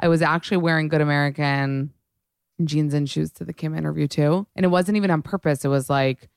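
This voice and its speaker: Young woman, podcast host, gushing casual chat, heavy fry, dry close sound. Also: sits low, steady tone, dry recording. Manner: gushing and fast, heavy swearing and "like".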